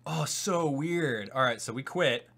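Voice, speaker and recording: A young man giving casual live-stream commentary on a video game, swinging from low mumbles to loud disbelief. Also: a little slow, vocal fry. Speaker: gaming YouTuber.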